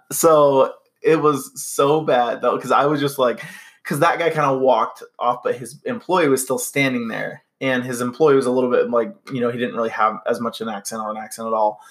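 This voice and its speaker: A man's voice: mid-range voice, steady tone, moderate pace. Laughing young man telling stories. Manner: laughs a lot, rambling with fillers. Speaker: podcast host. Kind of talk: casual chat and storytelling.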